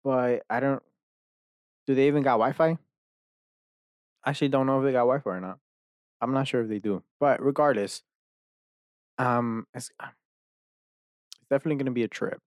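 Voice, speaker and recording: In clean, dry studio sound, a young Dallas podcast host talks solo at a moderate pace in a medium-pitched voice, pausing often. He's casual and profane, cursing a lot, rambling, and cutting himself off with fillers and restarts. He's from Dallas, Texas, USA.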